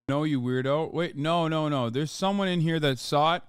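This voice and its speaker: A man hosting a live-stream reaction, talking in an animated, profane, ranting way. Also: mid-range voice, a little fast, hardly any pauses, smooth, no room sound, clean studio sound. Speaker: streamer host.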